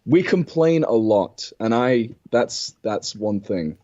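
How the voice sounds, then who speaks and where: A British man with a mellow, warm tone guests on a podcast. He is easygoing, laughs often and swears casually. His audio sounds dull and lo-fi. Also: medium pitch, animated, takes it slowly. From Britain. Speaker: guest host. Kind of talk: casual chat.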